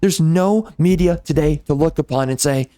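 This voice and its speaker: A man's voice: on the high side, normal speed, dry recording. Furious swearing man ranting. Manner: bitter, profane, shouting at the viewers. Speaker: gaming channel host. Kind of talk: angry rant to the audience.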